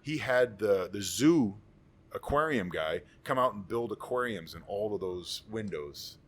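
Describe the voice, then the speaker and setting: A man's voice: fairly low pitch, animated, a little slow, fairly bright tone. A former football lineman in his forties telling rambling, profane stories in casual chat. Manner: profane, rambling, boisterous storyteller. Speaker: podcast guest, former pro football lineman.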